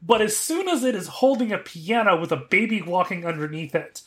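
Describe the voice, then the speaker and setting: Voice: medium pitch, lively intonation, fairly quick, fairly bright tone. A podcast co-host in casual chat, playfully spinning joking fan theories.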